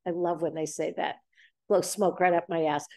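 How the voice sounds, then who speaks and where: A woman's voice: lowish voice, normal speed, creaky, dry recording, clean studio sound. A woman in her seventies hosting a casual group talk, telling stories and acting out quoted lines. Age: 70s. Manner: animated storytelling, acts out quoted dialogue. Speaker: host leading a group talk. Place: boxing gym.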